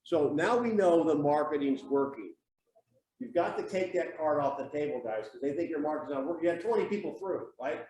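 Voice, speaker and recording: A man runs a sales training session in an echoey room, heard from across the space. His voice sits a little high, and he presses people with blunt, pushy questions. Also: animated, fairly quick, dark tone, distant mic. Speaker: real estate sales coach. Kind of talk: live training seminar, running role-plays.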